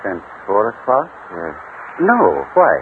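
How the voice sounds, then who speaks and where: A man playing a smooth, polite husband in a 1940s radio drama, strangely amused and hard to read. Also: fairly low pitch, wildly swooping pitch, slow pace, heavily acted. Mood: suave. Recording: tinny 1940s radio broadcast with clear hiss.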